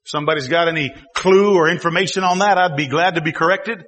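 A man preaching a sermon, telling the story in a folksy way and swinging from quiet asides to loud exclamations. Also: a little high, fast talker. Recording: long hall reverb.

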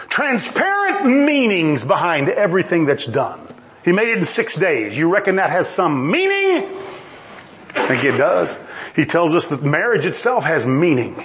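Lively high-voiced male preacher. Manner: animated, exclamatory, acts out quotes. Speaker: pastor. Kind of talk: sermon.

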